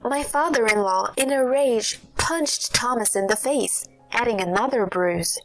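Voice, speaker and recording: A woman with a slightly high voice narrates a dramatic personal story in a steady, scripted way. Faint background music plays under her reading. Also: measured pace, no room sound, poor audio.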